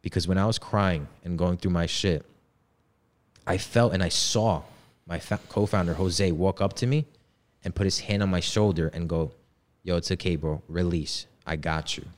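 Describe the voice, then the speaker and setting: Deep-voiced young man, laid-back storytelling. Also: normal speed. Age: 20s. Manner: laid-back slangy talk. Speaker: podcast guest. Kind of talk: casual storytelling.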